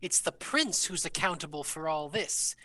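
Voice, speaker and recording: A woman's voice: sits low, expressive, moderate pace, pushed and bright, full character voice. A woman voicing an indignant elderly grandmother adventurer who scolds and lectures. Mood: scolding.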